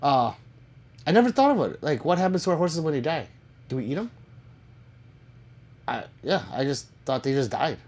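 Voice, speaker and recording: Lively joking male live streamer. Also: fairly high pitch, moderate pace, long pauses. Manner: reads viewer comments aloud, joking and swearing. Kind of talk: casual live-stream chat.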